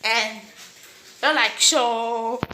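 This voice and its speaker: Rambling through a fan-made story, a young woman fills her casual retelling with fillers and jumps briefly into character voices. She sounds slightly high and sharp, against a bit of background noise.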